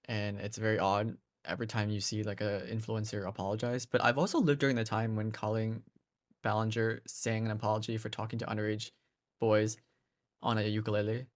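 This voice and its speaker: A man's voice: on the low side, flat delivery. Man, casual commentary host, opinionated, chatty. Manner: opinionated, conversational, quick asides.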